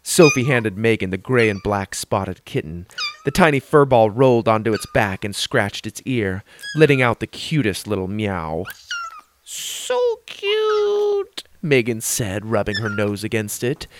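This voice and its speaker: A man narrating a children's story in an expressive, animated reading style. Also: lowish voice, moderate pace, noisy background.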